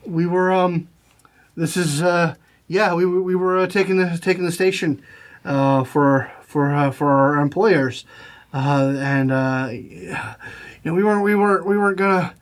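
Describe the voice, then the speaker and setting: Male voice as nervous, stammering pirate, higher register, for a sci-fi tabletop game. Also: unhurried, natural voice. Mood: flustered. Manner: flustered, stammering, hesitant. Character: flustered male space pirate under duress.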